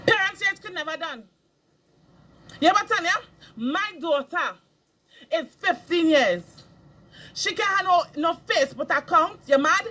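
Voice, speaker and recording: A woman's voice: very high-pitched, animated, unhurried, long pauses, pushed and bright, a little hiss or hum. A middle-aged woman, delivering an impassioned moral lecture as a spiritual speaker, scolding and emphatic, repeating her phrases for weight.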